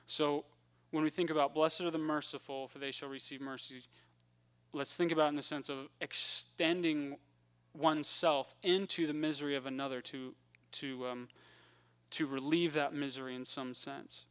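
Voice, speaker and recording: A man preaching a conversational Bible-teaching sermon, acting out the characters in quick voices. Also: fairly high pitch, fairly even intonation, a bit bright, smooth.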